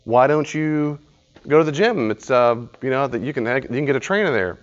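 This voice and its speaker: A man's voice: medium pitch, lively intonation, brisk, muffled recording, voice pushed up, close to an everyday voice. A man voicing an eager friend who keeps offering weight-loss suggestions in an upbeat, pushy way. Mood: helpful.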